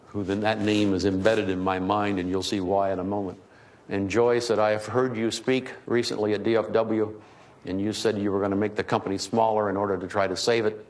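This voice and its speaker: An older man, a keynote speaker, telling folksy, humorous business anecdotes to an audience. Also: fairly low pitch. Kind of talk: storytelling talk. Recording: reverberant hall, faint ambience.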